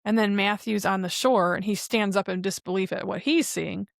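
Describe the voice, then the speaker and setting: Gravelly-voiced woman recapping a show. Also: medium pitch, fairly even intonation, moderate pace, no echo, clean studio sound. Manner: chatty retelling with frequent "and then" links. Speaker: podcast co-host. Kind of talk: casual episode recap.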